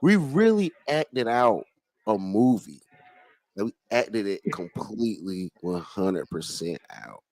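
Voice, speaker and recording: A man hosting a casual livestream chat, excitable and profane, jumping between loud outbursts and low muttering, and stumbling when he reads aloud. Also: slow, no room sound, poor audio. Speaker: livestream host.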